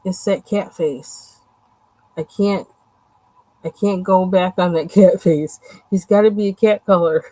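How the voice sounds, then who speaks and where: Woman rambling while she colors on stream, lowish voice, dry close sound. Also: fairly even intonation, unhurried, dark tone, no echo, poor audio. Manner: rambling, chatty, lots of fillers. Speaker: livestream host. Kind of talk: casual chat while coloring.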